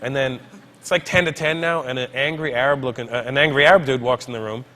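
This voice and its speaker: A man's voice: mid-range voice, fast, a little hiss or hum. A male comedian telling a funny story as a guest on a talk show, acting out the people in it. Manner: animated storytelling, voices the people he quotes. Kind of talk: comic anecdote on a talk show.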